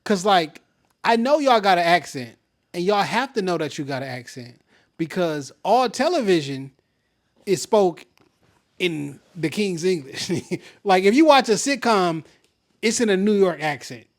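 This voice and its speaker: A man's voice: high-pitched, very animated, normal speed. Laid-back Detroit man, casual slang. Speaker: podcast co-host. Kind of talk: casual chat.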